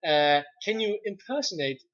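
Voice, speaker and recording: A young man from Iceland, an English speaker, chatting playfully and excitedly as a singer in a casual livestream interview. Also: high voice, moderate pace, muffled recording. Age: young adult.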